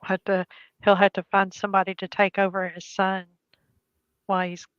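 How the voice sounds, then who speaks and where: A woman's voice: mid-range voice, completely flat delivery, normal speed, clear, resonant tone, no echo. A woman co-hosting a casual live-streamed chat, mostly giving short agreeing replies and laughing along. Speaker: livestream panel co-host. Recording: dry, dull lo-fi sound.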